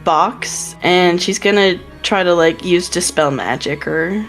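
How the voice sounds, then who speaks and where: A woman's voice: lowish voice, slow pace, soft background music. A woman playing a tabletop game, explaining her character's moves in a chatty way with many filler words. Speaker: player. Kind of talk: casual tabletop play.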